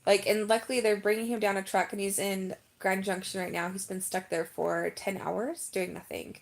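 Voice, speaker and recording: A woman chatting on a casual live stream, her voice carrying a gravelly fry at a middle pitch. She talks in a rambling, emphatic way, full of "like" and "um". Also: level tone, normal speed. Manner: chatty and emphatic, heavy use of "like" and "um". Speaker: vlogger.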